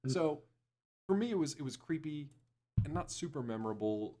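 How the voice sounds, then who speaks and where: A man's voice: a little high, animated, moderate pace, warm tone. A man hosting a casual podcast, laughing and steering the discussion. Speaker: podcast host.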